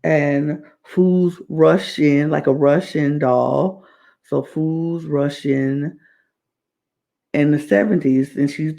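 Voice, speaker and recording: A woman's voice: sits low, gravelly, dark tone. A woman hosting a podcast, recapping a reality show in a casual, rambling way and often repeating herself. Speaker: podcast host.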